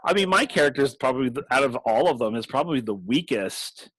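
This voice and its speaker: A man's voice: medium pitch, animated, fast talker, a bit bright, a little hiss or hum, poor audio. A man in casual chat about tabletop games, rambling with restarts and laughing often. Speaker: game master and podcast host.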